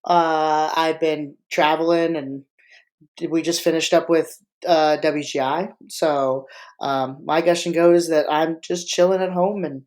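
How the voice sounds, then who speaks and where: Level and a bit slow, this mid-range voice has a slightly mellow quality. It belongs to a podcast host who choreographs marching arts freelance, chatting live in a loose, joking way that wanders, cuts itself off, and restarts often.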